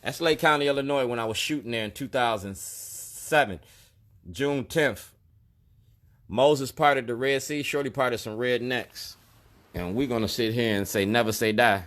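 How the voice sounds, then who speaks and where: A man's voice: mid-range voice, normal speed, fairly bright tone. Emphatic man repeating his points. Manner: emphatic, repeats key lines, colloquial. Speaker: store owner and activist vlogger. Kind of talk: direct-to-camera protest monologue.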